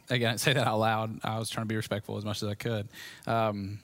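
A man preaching a personal testimony sermon to a room, speaking candidly and swinging between hushed storytelling and loud, emphatic points. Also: lowish voice, little pitch movement, fast, no room sound, studio quality. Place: room with a live audience.

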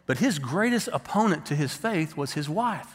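A man's voice: on the high side, expressive, normal speed, slightly rough. A middle-aged man preaching a sermon, telling stories and acting out the people he quotes. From Texas. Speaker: pastor. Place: church sanctuary. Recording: long hall reverb.

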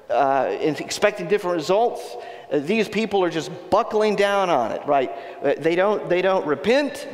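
A man preaching a sermon, retelling a scripture story in a conversational, animated way. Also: a little high. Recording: long hall reverb.

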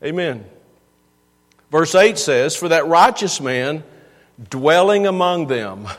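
A man's voice: fairly high pitch, expressive, slow, long reverb tail. A man preaching a sermon in a church, earnest and given to repeating words for emphasis.

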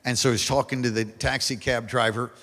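A male pastor preaching a sermon to a large congregation, building to loud emphatic peaks and calling for responses. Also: mid-range voice, steady tone, a little fast, gravelly. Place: large church hall. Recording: long hall reverb.

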